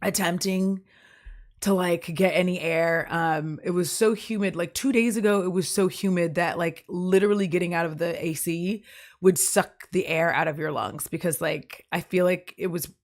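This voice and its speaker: Sick with a cough, a woman chats casually with her stream viewers, her somewhat low voice made lower and rougher by the illness. She rambles from topic to topic at a moderate pace with fairly even intonation, laughing often and leaning on fillers.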